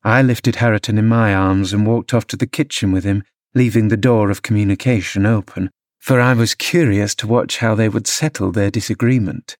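A man narrating a classic novel as an audiobook, measured storytelling delivery. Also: on the low side, steady tone, no room sound, clean studio sound. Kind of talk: scripted narration.

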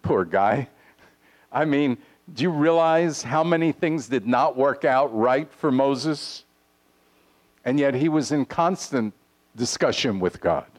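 A man preaching a sermon to his congregation, earnest and deliberate, reading scripture aloud. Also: mid-range voice, expressive. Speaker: pastor. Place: congregation hall.

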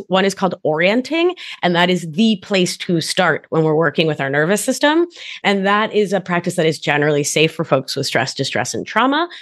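A woman guest on a podcast, a wellness and somatics coach who talks in an effusive, playful way, dropping soft and then rising to exclaim. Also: mid-range voice. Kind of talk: casual podcast conversation.

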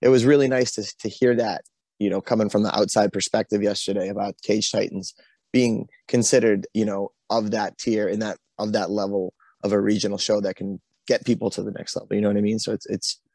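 A man's voice: fairly low pitch, fairly even intonation, fairly quick, a little mellow, no echo. A man with a Boston accent, a pro fighter as the guest, talking casually and rambling with many restarts. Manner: rambling, full of "you know" and restarts. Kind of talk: casual interview talk.

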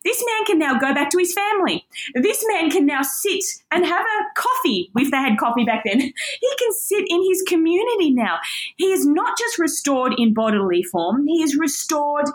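A woman's voice: high-pitched, sing-song, normal speed. A woman teaching on a Bible passage, earnest and emotional, moved to tears as she reads.

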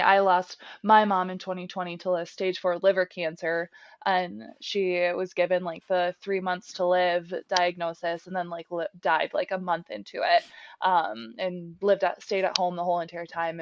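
A woman's voice: on the low side, little pitch movement, moderate pace, a little hiss or hum. Candid young woman sharing grief. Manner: frequent "like" fillers, candid and earnest. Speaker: podcast co-host. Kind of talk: emotional personal storytelling. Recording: dull dry podcast audio.

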